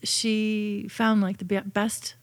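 A woman's voice: medium pitch, little pitch movement, takes it slowly, dry recording. A woman telling personal stories in a casual chat, with many fillers and restarts.

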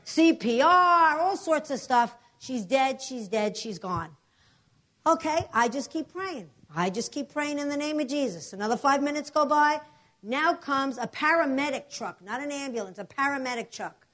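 A middle-aged woman preacher tells a testimony from the pulpit, her high voice rising and falling as she acts out the people and the prayers in her story. She delivers it with lively, animated conviction. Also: moderate pace.

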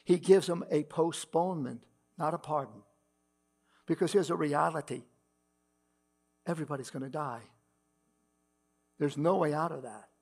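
Gravelly-voiced man preaching a sermon. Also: a little high, normal speed, pauses often, darkish tone. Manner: preaching with rising emphasis, reading scripture aloud. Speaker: pastor. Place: church. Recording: mains hum in the background.

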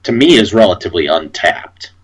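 Husky low-voiced man chatting casually. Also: lively intonation, a little fast, low-quality recording. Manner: hesitant, many fillers and restarts. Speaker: podcast co-host. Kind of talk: casual chat about a TV show.

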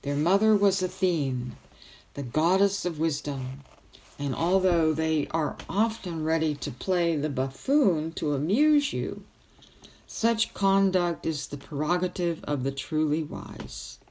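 A woman's voice: deep voice, slow pace, darkish tone. A woman playing a kindly, stern old wizard. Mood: lecturing. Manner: kindly, lecturing, sometimes stern.

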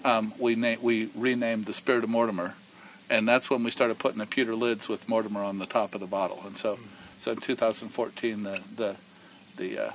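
A man's voice: lowish voice, steady tone, fairly quick, slight background noise, rough recording. A man who co-founded a whiskey distillery tells its story casually and with animation, often repeating and restarting words.

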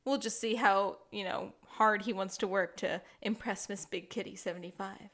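A woman's voice: medium pitch, fairly even intonation, normal speed, fairly bright tone. A woman co-hosting a podcast, animatedly recapping a TV episode, quoting characters' lines and laughing a lot. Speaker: podcast co-host. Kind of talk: casual chat recapping a TV episode.

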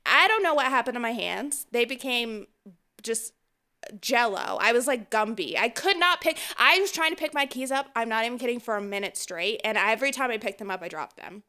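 A woman co-hosting a podcast, telling a story in casual chat, animated and often laughing as she acts out what people said. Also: fairly high pitch, brisk, smooth. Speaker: podcast co-host.

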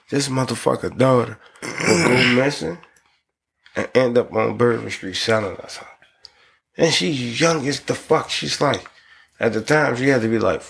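Podcast host, man, gravel in the voice, mid-range pitch, profane and rambling. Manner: profane, rambling, swings into loud excited laughter. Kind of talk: casual chat.

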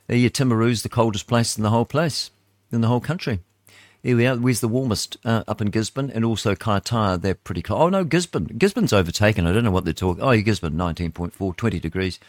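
A man's voice: fairly low pitch, quick pace, no room sound, clean studio sound. A man with a New Zealand accent hosting talk radio, reading the weather in a rambling, chatty way full of asides. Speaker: radio host.

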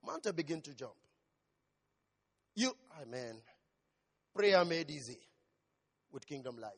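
A male pastor preaching a sermon, shouting at times and asking the congregation questions. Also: on the high side, expressive, unhurried, gravelly, husky, big-room sound.

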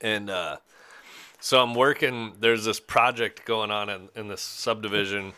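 A man's voice: lowish voice, steady tone, measured pace, sharp tone, clear, resonant tone. A man hosting a podcast, telling stories in a rambling, laid-back way. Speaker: podcast host. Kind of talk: casual storytelling chat.

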